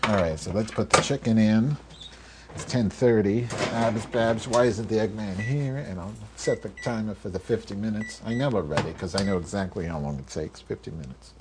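A man in his fifties talks to himself and his listeners while cooking in his kitchen, his voice sitting a little low. He rambles from one thing to the next, swears freely and mutters asides under his breath. Faint background noise sits under the recording. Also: moderate pace. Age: 50s. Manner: profane, rambling, easily sidetracked, muttering asides. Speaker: podcast host. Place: home kitchen.

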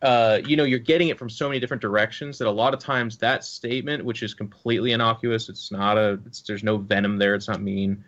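A man chatting casually with fellow players, telling animated stories and swearing freely. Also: fairly low pitch, fast, few pauses, muffled recording. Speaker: tabletop game player and streamer. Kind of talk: casual chat, storytelling.

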